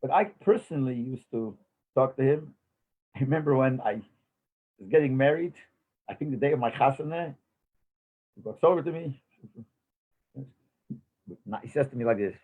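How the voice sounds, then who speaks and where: A man's voice: mid-range voice, lively intonation, fast, pauses often, husky. Older man reminiscing over tinny audio. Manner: rambling recollection, mixing in Yiddish phrases. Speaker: interviewee recalling memories. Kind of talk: casual storytelling interview.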